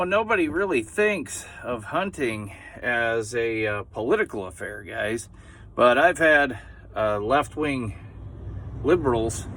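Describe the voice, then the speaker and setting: A man's voice: medium pitch, bright, forceful tone. A man telling hunting jokes in a casual, rambling way. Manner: rambling, chatty delivery. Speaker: comedian.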